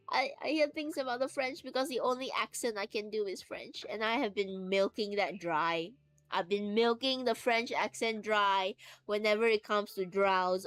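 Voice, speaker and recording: A woman's voice: on the high side, normal speed, no echo. A woman streamer chatting casually to her livestream viewers from home, rambling and playful as she drifts between topics. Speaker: VTuber streamer. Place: at home, sitting on the floor.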